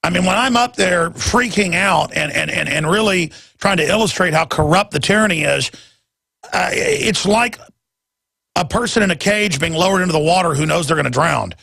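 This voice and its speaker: A man's voice: high-pitched, lively intonation, moderate pace, vocal fry, pushed and bright, husky, no room sound. A man in his forties hosting a talk radio show, speaking intensely and emphatically and stumbling over repeated words when worked up. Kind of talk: impassioned talk radio monologue.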